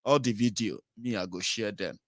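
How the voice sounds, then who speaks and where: A man from Nigeria with a Nigerian accent, hosting a political commentary show in an animated, mocking monologue that mixes English, Pidgin and Yoruba. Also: lowish voice, normal speed, dry recording, clean studio sound.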